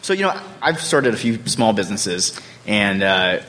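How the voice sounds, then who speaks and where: A man with a lowish voice asks questions in a relaxed, conversational manner, his voice rising as he asks. Faint background noise hangs under the recording. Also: moderate pace. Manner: loose and conversational, rising when asking. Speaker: interviewer. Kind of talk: casual interview questions.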